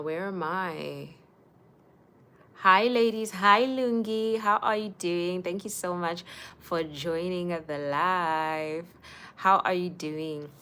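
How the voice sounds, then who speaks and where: A young woman, hosting a casual livestream and chatting warmly with viewers by name. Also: deep voice, slight background noise. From Zimbabwe. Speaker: livestream host.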